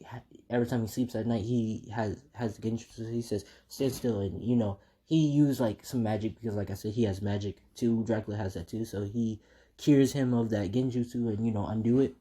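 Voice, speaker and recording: A man's voice: lowish voice, brisk, mellow. Rambling man telling a fan story. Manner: rambling, filler-heavy. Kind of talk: casual improvised storytelling.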